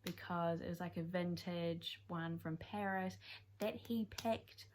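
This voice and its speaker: A young woman in her twenties talks through a book in a relaxed vlog, her voice sitting a little low. She rambles from one thought to the next with self-deprecating asides. A faint hiss sits under her voice. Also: unhurried. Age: 20s. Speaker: book vlogger. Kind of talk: casual reading vlog chat.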